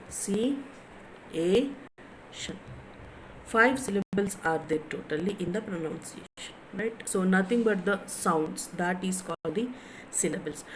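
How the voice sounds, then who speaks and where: A woman's voice: mid-range voice, a little hiss or hum, low-quality recording. A woman, giving a classroom lecture on pronunciation, often repeating herself and asking the class questions. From India. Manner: repeats points, asks the class rhetorical questions. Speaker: English lecturer.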